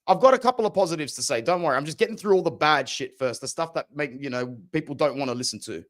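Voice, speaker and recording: A man's voice: on the high side, animated, fast talker. Fired-up young man ranting about football. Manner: passionate, ranting, casual slang. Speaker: football podcast host. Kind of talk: opinionated sports talk.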